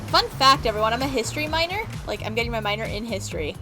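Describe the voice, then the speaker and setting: A woman's voice: a little high, lively intonation, quick pace. A woman in her twenties streaming a dating game, reading it aloud and making joking asides to her chat, with game music playing behind.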